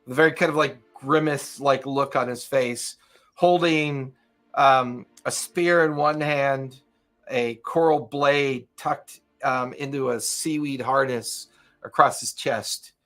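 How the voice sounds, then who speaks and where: A man's voice: mid-range voice, fairly even intonation, slow pace, fairly bright tone, faint music behind. A man acting as game master, narrating a tabletop game loosely with many fillers.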